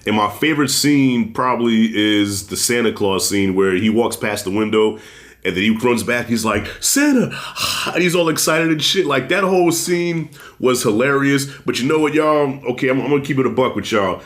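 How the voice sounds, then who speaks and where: A man co-hosting a casual horror movie review, blunt and profane, telling scenes with animated storytelling. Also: medium pitch, normal speed. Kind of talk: casual spoiler discussion.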